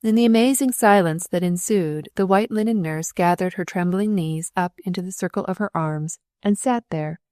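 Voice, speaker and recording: A woman narrating a novel as an audiobook, telling the story in an expressive, dramatic way. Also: on the low side, dry recording, clean studio sound.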